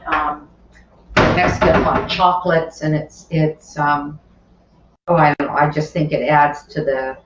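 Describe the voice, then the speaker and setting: A woman teaching a live cooking class in her kitchen, chatty, explaining each step and adding asides as she works. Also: low-pitched. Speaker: cooking instructor. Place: home kitchen. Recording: roomy, distant, dull sound with faint kitchen noise.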